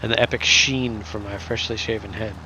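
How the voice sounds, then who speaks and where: A man's voice: fairly low pitch, steady tone, a little fast, noisy background. A man streaming and chatting casually with viewers, rambling and joking, with lots of "I mean" and "you know". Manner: rambling and joking, heavy fillers.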